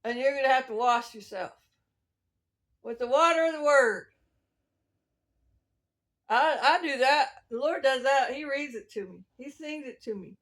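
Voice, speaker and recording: A woman's voice: high-pitched, moderate pace, long pauses, a bit bright. A woman giving a meandering religious testimony, preachy and chuckling between thoughts. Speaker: self-styled prophet.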